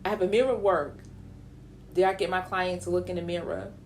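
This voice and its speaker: Animated woman radio host, preachy. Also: fairly low pitch, brisk, slight background noise. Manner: animated, preachy, slips into mocking quoted voices. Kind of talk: casual radio talk, motivational.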